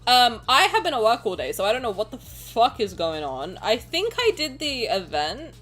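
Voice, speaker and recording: A woman's voice: fairly high pitch, sing-song, moderate pace, fairly bright tone, faint music behind. A young adult woman streamer chatting casually and joking with her viewers, swearing now and then. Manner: joking, swearing, playful banter. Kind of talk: casual livestream chat, reading chat aloud.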